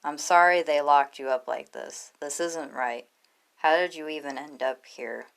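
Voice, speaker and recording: A woman's voice: sits low, a little slow, gravelly. A woman voicing an earnest, nervous teenage boy hero in a read-aloud story.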